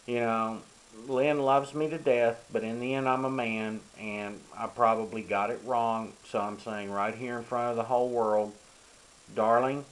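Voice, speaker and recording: A man's voice: mid-range voice, low-quality recording. Folksy older man rambling. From Arkansas, USA. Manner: folksy, rambling, many ums and you-knows. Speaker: vlogger. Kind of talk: casual advice talk to camera.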